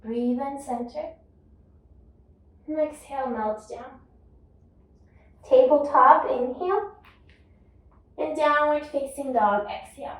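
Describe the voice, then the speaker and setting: Slow, calm woman cueing yoga in an echoey room. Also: high-pitched, distant mic. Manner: calm, unhurried cueing of breath and movement. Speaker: yoga teacher. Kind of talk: guided yoga class instruction.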